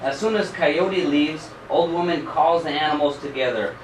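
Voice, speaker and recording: A man reading a picture book aloud to children at a school event, pausing to show the pictures. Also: on the high side. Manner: pauses to show the pictures, checks in with okay. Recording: echoey room, distant mic, background noise.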